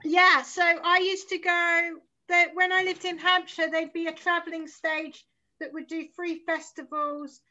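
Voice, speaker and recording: Guest: London woman in her forties, very high and bright, sweary rambling storyteller, muffled lo-fi recording. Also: flat delivery, measured pace. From South London, England. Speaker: guest musician. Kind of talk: casual chat. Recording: slightly muffled lo-fi sound.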